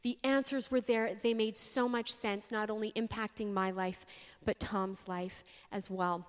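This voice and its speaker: A young woman from Canada giving a faith talk to an audience, an expressive storyteller with dramatic pauses. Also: medium pitch, smooth. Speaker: speaker. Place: large hall. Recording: long hall reverb.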